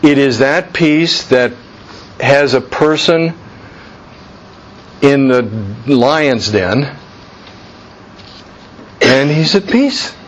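A man's voice: medium pitch, expressive, extremely slow, long pauses, highs cut off, slight background noise. A man leading an informal Bible study, talking earnestly and conversationally, repeating his points for emphasis.

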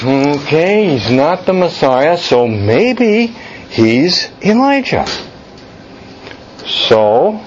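A man teaching a Bible class as a pastor, speaking with slow emphasis and putting questions to the group. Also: a little high. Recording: muffled church recording with faint hiss.

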